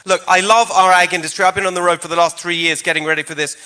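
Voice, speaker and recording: Candidate with a British accent, high bright voice, lively and jokey on stage. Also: male voice, fast, clear, resonant tone. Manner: energetic, jokey, emphatic. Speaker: candidate in a debate. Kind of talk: campaign debate answer.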